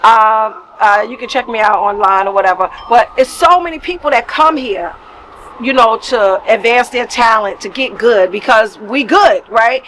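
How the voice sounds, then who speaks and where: A woman's voice: on the high side, moderate pace, slight background noise, low-quality recording. A middle-aged woman comedian with a New York accent, telling stories animatedly on a casual podcast. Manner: animated storytelling, acts out quoted voices. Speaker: comedian guest.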